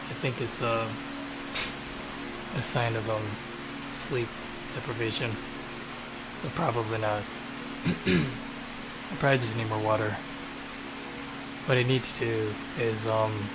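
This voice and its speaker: A man's voice: on the low side, slow, pauses often. A man with the hiccups, talking offhand and rambling to himself during a live coding stream. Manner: rambling, offhand, self-mocking. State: has the hiccups. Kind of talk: casual live-stream talk. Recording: loud hiss and air conditioning.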